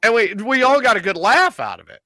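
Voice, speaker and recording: Lively high-voiced man telling a story. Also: brisk, no echo. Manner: animated storyteller acting out quotes. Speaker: podcast host telling a story. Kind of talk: casual storytelling chat.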